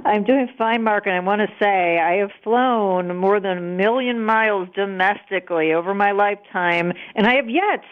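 A woman's voice: medium pitch, normal speed, hardly any pauses, muffled recording. A woman guest on a talk radio show, chatty and self-deprecating as she gives her take. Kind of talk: radio interview commentary.

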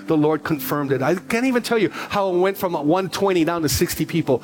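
Male pastor, middle-aged, animated sermon delivery with repeated phrases, light music bed. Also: on the high side, a little fast, hardly any pauses.

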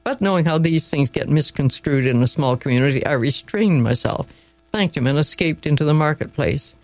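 A man narrating an audiobook in a measured, wry storytelling manner, close to the mic. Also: a little high, expressive, poor audio. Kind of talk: scripted narration.

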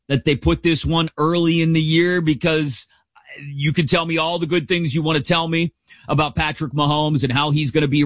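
A middle-aged man hosting a sports talk show, giving casual, opinionated commentary in an animated, jokey way. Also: mid-range voice, dry recording. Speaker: sports podcast host.

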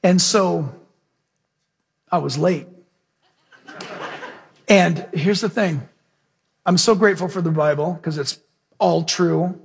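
A middle-aged man preaching a sermon as pastor, telling stories with big swings from loud to hushed. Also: fairly high pitch, slow pace, vocal fry, pauses often, breathy edge, long reverb tail.

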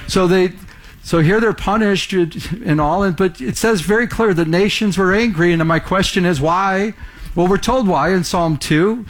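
A man's voice: high voice, unhurried. A middle-aged male pastor preaching a conversational sermon, asking the congregation questions and restarting his sentences often.

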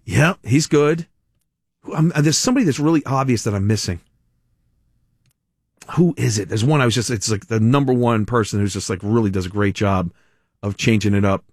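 A man's voice: fairly low pitch, a little fast, long pauses, darkish tone, dry recording, clean studio sound. A man hosting a talk radio show, delivering a sarcastic, mocking monologue with frequent laughs.

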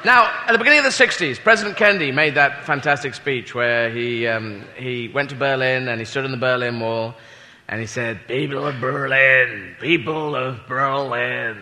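A man's voice: medium pitch, brisk, pushed and bright. A male stand-up comedian telling a rambling, self-mocking story in front of an audience. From Britain. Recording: echoey hall, audience noise.

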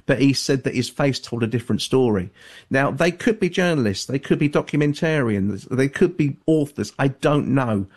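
A man speaking as an author and guest on a call-in radio show, measured and hedging, with many fillers and restarts. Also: medium pitch, lively intonation, darkish tone.

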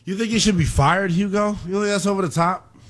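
A man hosting a late-night call-in sports radio show in a brash, slangy, animated way from the studio. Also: high-pitched, a little fast, slight background noise.

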